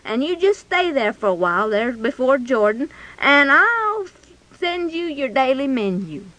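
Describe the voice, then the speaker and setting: God for a told Bible story: high, lively, folksy and commanding, voiced by a woman. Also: unhurried, no room sound, exaggerated voice, rough recording. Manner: homely, fatherly commands. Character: booming God speaking to a prophet.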